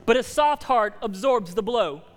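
A man preaching an altar-call sermon, earnest and pleading, sometimes dropping to soft near-whispers. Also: very high-pitched, lively intonation, a little slow, big-room sound, faint music behind. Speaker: pastor.

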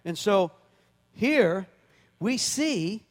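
Male pastor, high voice, conversational sermon with sudden emphatic bursts, long hall reverb. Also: lively intonation, extremely slow. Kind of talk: sermon with scripture reading.

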